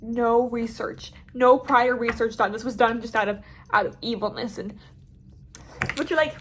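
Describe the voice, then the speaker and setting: A young woman telling a storytime vlog in an animated, dramatic way, swearing freely. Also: a little high, normal speed, slight background noise. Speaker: vlogger.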